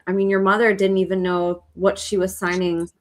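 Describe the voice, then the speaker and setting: A woman hosting a podcast, asking gentle, leading questions to steer her guest. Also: medium pitch, level tone, normal speed. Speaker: podcast host. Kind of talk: interviewer prompting the guest.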